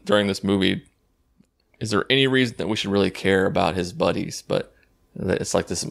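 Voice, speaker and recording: A man's voice: low voice, vocal fry. A man giving a casual, rambling and sarcastic recap of a movie, swearing freely as he goes. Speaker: YouTube movie reviewer.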